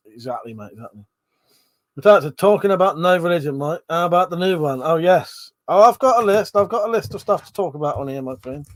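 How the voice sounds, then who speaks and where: A man's voice: high-pitched, lively intonation, brisk, no room sound. A man hosting a casual livestream, reading out viewer comments and swearing freely as he chats. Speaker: livestream host.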